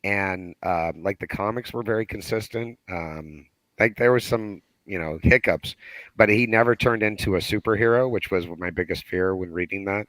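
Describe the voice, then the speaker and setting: A man with a cold, talking hoarsely as a guest on a podcast call, chatty, laughing and restarting often. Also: sits low, moderate pace, a bit bright, no echo, low-quality recording. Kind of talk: casual chat. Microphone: video call.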